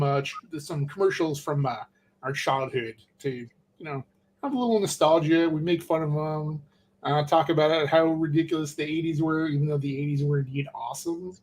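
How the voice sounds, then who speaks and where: Middle-aged male stream co-host, rambling, halting, fairly high voice. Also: slight background noise. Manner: rambling, halting with many fillers. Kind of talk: casual chat.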